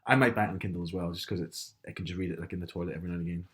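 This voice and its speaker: A man's voice: low voice, steady tone, very fast. A young man with a Northern Irish accent, co-hosting a casual podcast chat and explaining at length with many restarts. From Northern Ireland. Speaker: podcast co-host.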